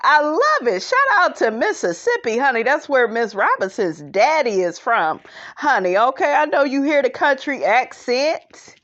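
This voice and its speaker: A woman's voice: high voice, very animated, normal speed, a bit bright. Sassy gossiping woman podcaster, lo-fi. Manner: sassy, gossipy, talks straight to her audience. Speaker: podcast host. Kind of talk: casual reality show recap.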